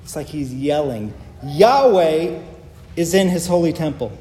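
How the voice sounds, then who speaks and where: A man with a high, mellow voice delivers a sermon with earnest emphasis and measured pauses. The sound is roomy and echoey, like a church hall, with a faint hum of ambience behind him. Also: lively intonation. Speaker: pastor.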